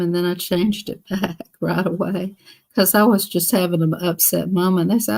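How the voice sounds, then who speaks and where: A woman's voice: fairly low pitch, fairly even intonation, moderate pace, creaky, darkish tone. A woman hosting a casual live stream, chatting in a rambling, repetitive way. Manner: rambling, chatty, repeats herself.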